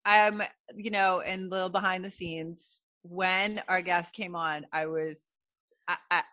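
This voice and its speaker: A woman hosting a conversation, gushing and effusive, laughing often as she talks. Her voice is bright and forward, recorded close and dry with no room sound. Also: on the low side, steady tone, measured pace, no room sound. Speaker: podcast host. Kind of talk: emotional, warm-hearted chat.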